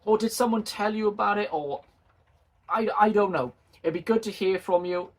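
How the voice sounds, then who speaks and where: A man's voice: sits high, moderate pace. A man chatting casually and jokingly to his video viewers, self-deprecating and friendly. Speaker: model railway YouTuber.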